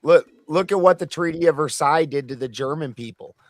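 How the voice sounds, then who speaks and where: A man's voice: on the high side, a little fast, no echo, soft background music. A male panelist interjecting bluntly in a debate.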